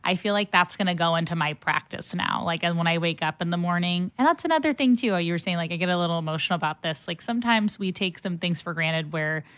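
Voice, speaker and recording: A woman's voice: fairly low pitch, quick pace, hardly any pauses, fairly bright tone, clear, resonant tone. A young woman hosting a podcast in casual chat, talkative, peppering her speech with "like" and laughing easily. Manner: chatty, leans on filler "like", laughs easily. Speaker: podcast host.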